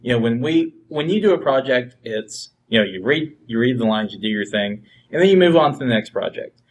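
A man's voice: medium pitch, expressive, a little fast. A man interviewing a guest, rambling a bit as he builds a question.

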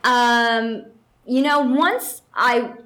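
A woman voice actress telling stories in a casual interview, chatty and animated, with plenty of fillers. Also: a little high, drawn-out words.

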